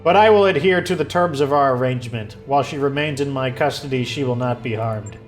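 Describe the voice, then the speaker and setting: A man reading aloud the formal, measured lines of an honorable, grieving older nobleman from a video game. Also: mid-range voice, soft background music, natural voice.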